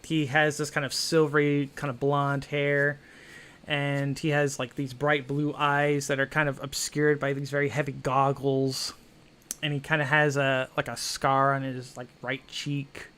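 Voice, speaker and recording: A man's voice: mid-range voice, monotone, unhurried, a bit bright, smooth. A man narrating a tabletop game as game master in a rambling way, full of fillers and restarts.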